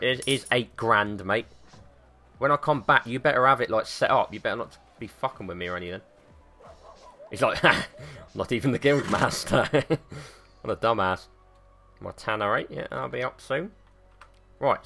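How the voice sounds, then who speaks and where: A British man hosting a gaming channel, giving live gameplay commentary with excitable, sweary banter aimed at the characters on screen. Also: mid-range voice.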